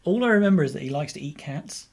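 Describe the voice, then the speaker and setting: A man's voice: on the high side, animated, fast talker, creaky, noisy background. A man hosting a casual chat podcast, steering the talk and signing off to listeners. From United Kingdom. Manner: leads the talk and wraps up with listener sign-offs. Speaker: podcast host.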